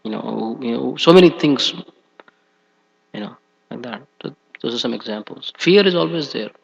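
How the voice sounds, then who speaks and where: A man's voice: medium pitch, expressive, moderate pace, creaky, slightly rough. A man giving a scripture class in a temple hall, talking hesitantly with many fillers. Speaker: class speaker. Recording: dull echoey hall recording.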